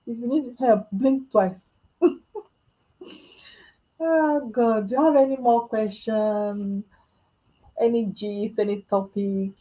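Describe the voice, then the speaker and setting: A woman's voice: fairly high pitch, takes it slowly, pauses often, muffled recording. A woman from Nigeria with a Nigerian accent, chatting casually on a live stream as she answers viewers' questions, joking about herself and laughing often. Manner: chatty and self-mocking, laughing often, with Nigerian Pidgin asides. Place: home.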